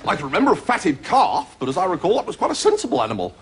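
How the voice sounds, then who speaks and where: A plummy prince, foppish and thick as a plank. He booms and guffaws up and down a lively, high-pitched range. The old sitcom audio carries a steady hiss. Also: very fast, full character voice. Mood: jolly. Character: foppish, dim-witted young prince, man. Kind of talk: 1980s TV sitcom acting.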